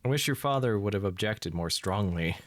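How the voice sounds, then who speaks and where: Bitter, nagging game mom, exasperated complaints, read by a man in his own low voice. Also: lively intonation, a little fast, dry recording, clean studio sound, close to an everyday voice. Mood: complaining. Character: nagging middle-aged mother, bitter about husband.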